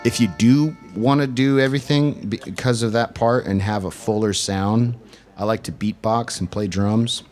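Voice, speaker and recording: A man's voice: lowish voice, fairly even intonation, moderate pace, a little mellow, faint music behind. A male live-looping musician walking through his gear in a loose, self-correcting way while he plays. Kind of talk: casual gear demo. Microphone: vocal stage mic.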